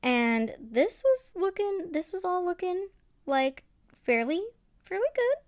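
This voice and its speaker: A woman's voice: extremely high pitch, big pitch swings, takes it slowly, a little mellow, dry recording, studio quality. A woman, chatting in a casual voice-over as she walks through her nail art and laughs at her own mistakes.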